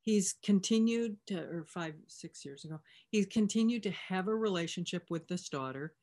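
A woman's voice: fairly low pitch, expressive, normal speed, a little mellow. A woman speaking as a recovery sponsor, telling a personal story in a conversational way and retelling back-and-forth dialogue. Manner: conversational, with fillers and restarts.

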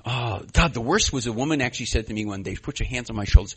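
A man with a husky, slightly breathy voice talks through his own story at a recovery meeting. He rambles and is self-deprecating, leaning on lots of fillers, then jumps up in volume when a point lands. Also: medium pitch, expressive, fast talker, fairly bright tone. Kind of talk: personal share, conversational storytelling.

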